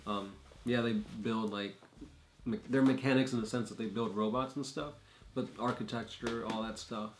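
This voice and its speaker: A man's voice: fairly low pitch, fairly even intonation, normal speed, reverberant, slight background noise. A young man co-hosting a casual chat, rambling loosely with fillers and jokes. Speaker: co-host.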